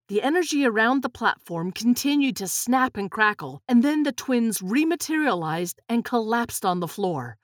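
A woman reading a storybook aloud in an expressive, unhurried way. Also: on the high side, dry recording, studio quality. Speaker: narrator.

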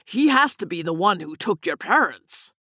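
A woman's voice: on the low side, big pitch swings, moderate pace, pushed and bright, dry recording, exaggerated voice. Woman doing a jittery scientist guy, hesitant and scared, dry close sound. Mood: confiding. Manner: backpedaling, hesitant. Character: nervous male scientist, fearful and evasive.

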